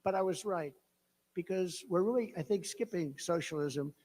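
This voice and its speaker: Male political candidate, high-pitched, rambling and emphatic, echoing rally PA. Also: moderate pace, a little mellow. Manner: rambling, emphatic, repeats phrases, mocking asides. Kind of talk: off-the-cuff rally speech. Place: large rally venue. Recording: long-reverb rally PA sound.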